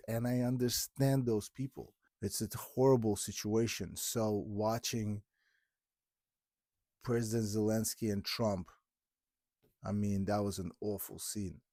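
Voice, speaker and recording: A Ukrainian man hosts a candid podcast conversation, speaking earnestly and from the heart in a lowish, warm voice with fairly even intonation at a measured pace. He often breaks off and starts over. The studio recording is clean, with no room sound.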